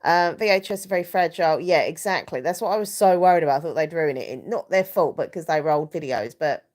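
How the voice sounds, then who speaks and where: A woman in her thirties with a lowish voice talks casually on a live stream. She rambles and restarts often and stops now and then to read out viewers' comments. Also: fast, a little mellow. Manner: rambling, chatty, lots of fillers and restarts. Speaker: YouTuber hosting a live stream.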